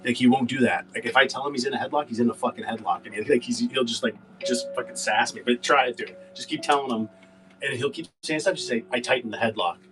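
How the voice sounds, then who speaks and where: A man's voice: mid-range voice, fast, distant mic, over music, low-quality recording. A man hosting a casual livestream, rambling and cursing with lots of fillers. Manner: rambling, profane, filler-heavy. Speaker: livestream seller host.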